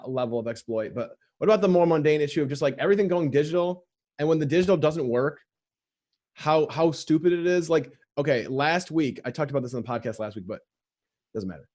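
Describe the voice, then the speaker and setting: A man's voice: a little high, darkish tone. A man hosting a podcast, chatting casually and telling stories with restarts and fillers. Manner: chatty storyteller, restarts and fillers, mimics people he tells about. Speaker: podcast host.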